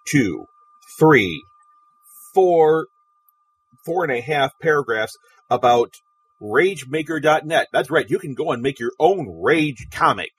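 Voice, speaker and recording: A man's voice: on the high side, expressive, a little slow, pauses often, husky. A man hosting a webcomics news podcast, making dry, sarcastic asides. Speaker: podcast host.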